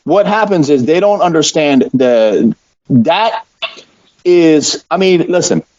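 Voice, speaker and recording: A middle-aged man on a podcast, his speaking voice sitting a little above the usual male range. He tells stories in a blunt, swearing, lively way, and the recording has a dull, lo-fi sound. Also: a little high, slow pace. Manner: blunt, profane, animated storytelling. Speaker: podcast host. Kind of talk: casual chat.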